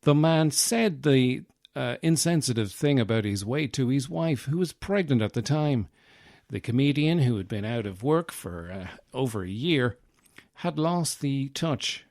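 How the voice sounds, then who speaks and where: A man putting on the voice of a solemn male TV news reporter, speaking in a slow, grave newsreader delivery. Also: mid-range voice, expressive, darkish tone, no echo, clean studio sound, voice pushed up. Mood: mock-solemn.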